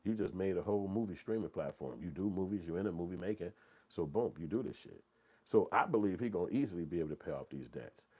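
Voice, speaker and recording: A man, telling stories in profane, animated casual commentary. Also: low-pitched, quick pace. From Chicago. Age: 40s. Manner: animated, profane, rambling street talk. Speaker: movie channel host.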